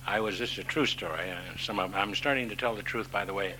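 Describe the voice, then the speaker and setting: A man's voice: lowish voice, quick pace. An older man telling a rambling anecdote on a panel, with restarts and chuckles. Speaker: panel guest. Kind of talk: anecdotal storytelling. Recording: noisy live panel recording.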